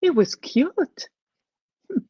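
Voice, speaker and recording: A woman telling a bilingual children's story, animated and laughing, dropping to whispers for suspense. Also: high voice, drawn-out words, dry recording, highs cut off. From Australia.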